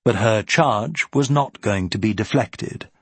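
A man narrating a period novel as an audiobook in a steady, even manner. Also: fairly low pitch, unhurried, slightly rough, no room sound.

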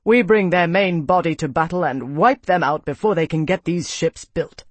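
A man's voice: a little high, normal speed, no echo, natural voice. A man reading an audiobook, voicing a stern, hawkish male senator who barks orders. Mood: commanding. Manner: forceful, barking orders. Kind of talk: audiobook character voice.

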